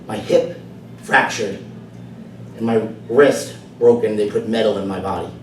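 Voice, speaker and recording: Speaking to a club audience, a man delivers a prepared personal story a little slowly, sinking his voice low before rising into emphatic points. A far-off camera picks him up across an echoey meeting room, with a faint hiss underneath.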